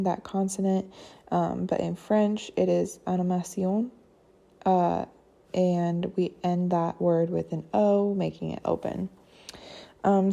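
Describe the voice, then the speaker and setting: A young woman gives a relaxed class presentation, speaking slowly with plenty of fillers. Her voice is low-pitched, dark and gravelly. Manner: unhurried, frequent fillers. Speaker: student presenter.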